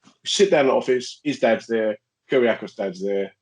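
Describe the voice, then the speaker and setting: Animated joking man. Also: fairly low pitch, moderate pace, low-quality recording. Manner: animated, jokey, laughs often. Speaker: podcast co-host. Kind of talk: casual chat, storytelling.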